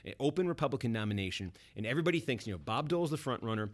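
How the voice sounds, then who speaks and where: Racing along in a medium-pitched voice, this Boston-born author is a guest on a podcast, where he rapidly recounts political stories. He's animated, packing every anecdote with details.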